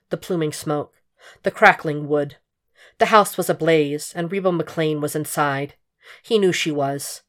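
A woman narrating a fan fiction story in a steady, intense audiobook reading. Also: deep voice.

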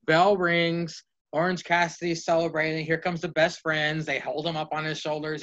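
Man, high voice, podcast host, casual profane chat, muffled lo-fi sound. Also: level tone, moderate pace, fairly bright tone. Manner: profane, acts out comic scenes in high squeaky voices.

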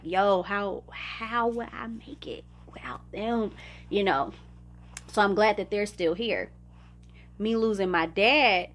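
A woman's voice: mid-range voice, bright, forceful tone. A young woman from the United States hosting a podcast, talking candidly and conversationally about her life and laughing now and then. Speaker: podcast host. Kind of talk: reflective personal talk.

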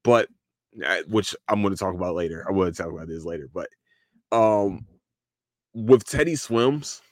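A podcast host talking casually in a loose, profane solo rant, with lots of restarts. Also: male voice, sits low, moderate pace, dry recording, clean studio sound. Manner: animated, profane, repeats and restarts a lot.

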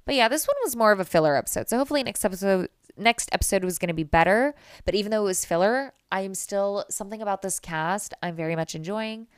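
Woman podcast host, stuffy nasal voice, chatty recap style, smooth tone, dry close sound. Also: mid-range voice, animated, quick pace, few pauses, dry recording. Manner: chatty, opinionated, trails off with fillers. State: nasal from a cold. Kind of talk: casual reality TV recap.

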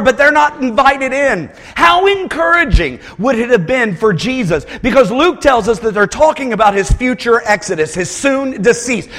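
A man preaching a sermon as a pastor, animated, swinging between quiet asides and loud emphatic lines, often repeating words as he restarts phrases. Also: high voice, long reverb tail.

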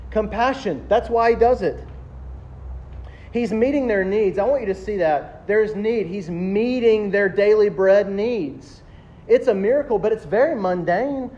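A man, preaching a sermon as a pastor, emphatic and animated, slowing down to stress key words. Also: sits high. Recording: dull lo-fi sound with faint ambience.

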